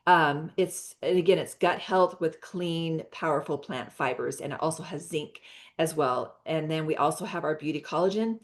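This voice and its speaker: Chatty American woman with a lowish voice. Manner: chatty, many fillers and restarts. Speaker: host of a product presentation call. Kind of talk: enthusiastic product pitch. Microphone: video call.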